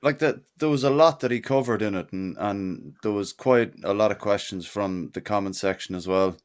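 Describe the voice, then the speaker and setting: A man's voice: lowish voice, normal speed, clear, resonant tone. A man co-hosting a football podcast, setting out his points at length in an earnest, casual way. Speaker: podcast co-host.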